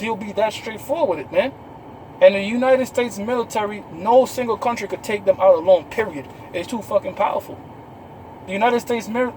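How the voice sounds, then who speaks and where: Emphatic high-voiced man preaching prophecy. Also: a little mellow, a little hiss or hum, low-quality recording. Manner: emphatic and authoritative, frequently tagging "man" and "all right", with profanity. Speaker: online show host preaching prophecy. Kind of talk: live-streamed preaching rant.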